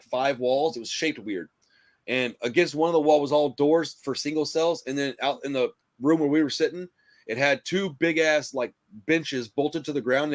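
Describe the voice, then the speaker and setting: A man, hosting a casual chat and telling a rough story in a profane, animated way, full of "bro" and "dude.". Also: on the high side. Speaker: podcast host.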